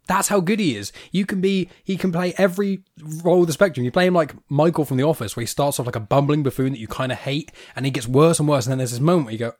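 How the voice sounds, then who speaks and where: Fast-talking British man, animated and rambling. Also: fairly high pitch, no room sound, clean studio sound. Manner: animated, rambling, quick to laugh. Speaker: podcast co-host. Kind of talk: casual film discussion.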